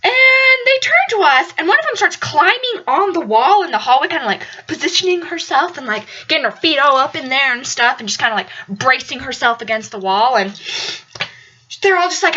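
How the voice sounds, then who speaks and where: A young woman casually telling a story about her apartment, acting out the quotes with big swings in her voice. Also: brisk. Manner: animated, acts out quotes with big pitch jumps. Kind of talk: casual anecdote. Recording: dull lo-fi audio.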